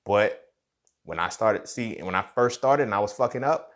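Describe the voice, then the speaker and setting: Profane young man telling a story, lowish voice. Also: animated, moderate pace. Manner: profane, storytelling, keeps asking "you feel me". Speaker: podcast host. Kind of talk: casual motivational monologue.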